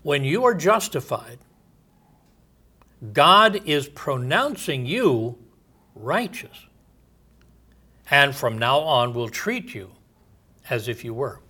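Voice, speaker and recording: A man's voice: medium pitch, animated, slow pace, long pauses, pushed and bright, breathy edge. A man preaching a sermon as a pastor, reading scripture aloud and asking emphatic rhetorical questions.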